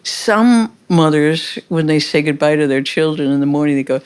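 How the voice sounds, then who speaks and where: An American woman speaking as a guest in a casual onstage conversation at a live festival, telling stories in a halting, reflective way. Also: deep voice, darkish tone. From United States. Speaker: interview guest.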